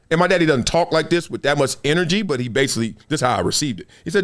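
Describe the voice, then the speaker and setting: Lively, high-voiced male podcast host. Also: rapid-fire, few pauses. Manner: preachy, dramatic, acts out quotes. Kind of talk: animated commentary.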